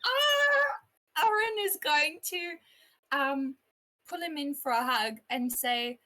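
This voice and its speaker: A woman's voice: high-pitched, animated, slow, bright, forceful tone, poor audio. A woman playing a tabletop game, chatting eagerly and playfully about her character's actions. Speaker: player. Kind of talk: casual tabletop game play.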